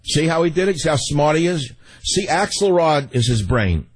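Man, talk radio host, husky, heated fast rant, tripping over words. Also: on the high side, lively intonation, rough recording. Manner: fast, emotional ranting that runs over its words. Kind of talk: political talk radio monologue.

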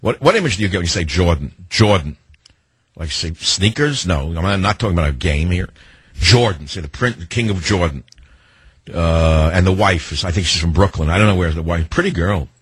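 Husky older man with a sardonic ramble. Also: deep voice, animated, fairly quick, a bit bright, no echo. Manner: rambling, sardonic, free-associating. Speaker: radio talk host. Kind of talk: opinionated talk radio monologue.

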